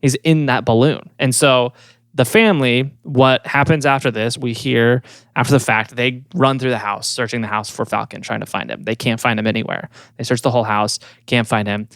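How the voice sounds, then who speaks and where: A man co-hosting a laid-back podcast, walking through a story and laughing along as he goes. He breaks into playful voices for the people in it. His voice is mid-pitched and recorded dry and close. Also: fairly even intonation, moderate pace, a bit bright, no room sound. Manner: laughs often, acts out quotes in funny voices. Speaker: podcast co-host. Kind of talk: casual storytelling chat.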